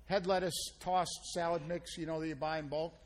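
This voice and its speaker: High-voiced man hosting a food show. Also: little pitch movement, fairly quick. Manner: folksy storytelling with playful banter. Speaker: radio show host. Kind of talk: casual radio chat.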